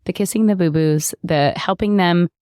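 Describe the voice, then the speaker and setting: A woman's voice: lowish voice, moderate pace, warm tone, smooth, no room sound, studio quality. A woman co-hosting a podcast in casual chat, agreeable and building on her partner's points. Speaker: podcast co-host.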